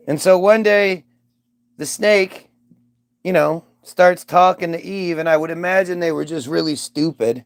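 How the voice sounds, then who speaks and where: Sarcastic man with a gravelly voice. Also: fairly high pitch, measured pace, dry recording. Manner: sarcastic, irreverent, rambling. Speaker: comedian. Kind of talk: profane comedic rant.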